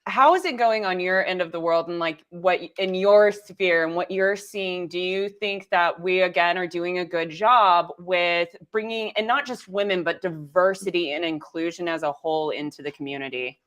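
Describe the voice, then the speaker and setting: A woman's voice: on the low side, moderate pace, hardly any pauses, a bit bright. An American woman hosting a casual live-stream interview, chatty and enthusiastic, with lots of "like". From United States. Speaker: host.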